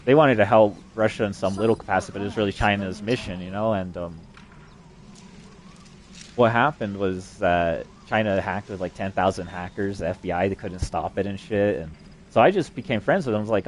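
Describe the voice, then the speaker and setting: A young adult man with a lowish voice talks fairly quickly, with a little hiss or hum on the recording. He tells a long, rambling, crude story, swearing constantly and padding it with fillers.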